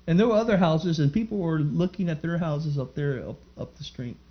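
A man's voice: a little high, a little fast. A man giving a fervent church testimony, telling his story and rising into emphatic praise before a live gathering. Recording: muffled lo-fi recording.

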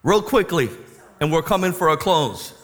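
A man preaching a sermon as a pastor, animated and questioning the congregation. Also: fairly high pitch, moderate pace. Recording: reverberant hall.

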